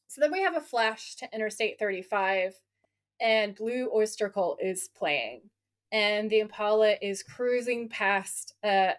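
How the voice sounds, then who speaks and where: A woman co-hosting a podcast, recapping a TV episode in a chatty, animated way with lots of asides. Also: medium pitch. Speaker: podcast co-host. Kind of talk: casual chat recapping a TV episode.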